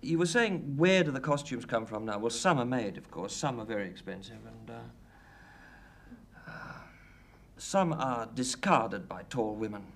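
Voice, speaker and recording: A man's voice: mid-range voice, expressive, measured pace, creaky. A middle-aged man, a talk show guest, telling anecdotes in a dry, wry manner. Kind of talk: anecdotal chat. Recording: 1980 TV studio with light hiss.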